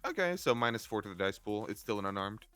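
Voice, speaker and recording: A man's voice: on the low side, very animated, quick pace, bright, forceful tone, smooth, soft background music. A man playing a tabletop game, thinking aloud as he looks up rules. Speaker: player.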